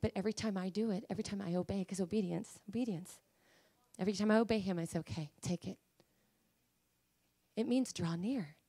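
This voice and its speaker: A woman preacher delivering a sermon, emphatic and pleading, at times rising to high fervent cries. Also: quick pace, dark tone.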